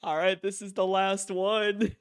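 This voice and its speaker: A male streamer chatting casually, easily excited and quick to laugh, often cutting himself off mid-thought. His voice is high for a man and comes through smooth and clear. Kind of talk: casual chat.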